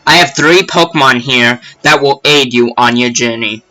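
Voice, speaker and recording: A man voicing an absent-minded older professor in a video game, explaining things at a slow, steady pace. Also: mid-range voice, faint music behind, low-quality recording.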